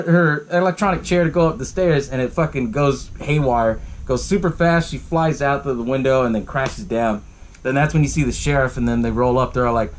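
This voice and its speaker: Swearing and laughing through a casual movie recap, this podcast host uses lots of fillers. He speaks briskly in a medium-pitched voice.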